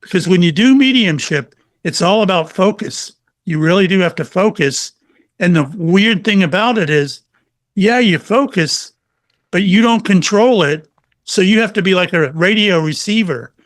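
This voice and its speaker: Animated middle-aged man telling stories. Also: sits high, normal speed, dry recording. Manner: animated storyteller, acts out quotes. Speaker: psychic medium guest. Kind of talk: casual interview storytelling.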